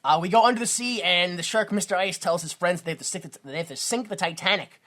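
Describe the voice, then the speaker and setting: A man co-hosting a comedy podcast recaps a film casually, laughing often and acting out characters in quick, silly voices. His voice is high and bright, with a forceful tone.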